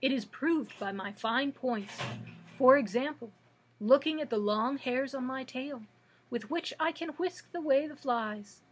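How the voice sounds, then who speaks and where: A woman's voice: high-pitched, unhurried, slight background noise, rough recording. A woman voicing a boastful, haughty old male cab horse in a storybook read-aloud. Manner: haughty, demanding.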